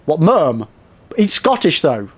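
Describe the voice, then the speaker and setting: A man's voice: on the high side, sing-song, takes it slowly, slightly rough. A man livestreaming a game, chatting with viewers and swearing at enemies. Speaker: game streamer. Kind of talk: live gameplay commentary chatting with viewers.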